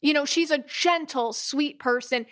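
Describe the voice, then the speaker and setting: A woman hosts a podcast in casual, chatty conversation. Her voice is bright and sits a little high. She talks animatedly and slips into quick impressions of what others say. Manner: chatty and animated, with many restarts and quoted asides. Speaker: podcast host. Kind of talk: casual chat.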